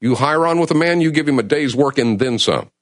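A man hosting a call-in talk radio show, speaking with urgent, emotional passion that swings between loud and hushed. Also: medium pitch, lively intonation, brisk, no room sound, studio quality. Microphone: studio mic.

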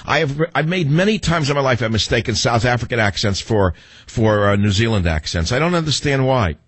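A man's voice: medium pitch, lively intonation, fairly quick, husky, dry recording. A middle-aged man hosting a talk radio show, ranting combatively and taking calls. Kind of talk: talk radio monologue and call-in.

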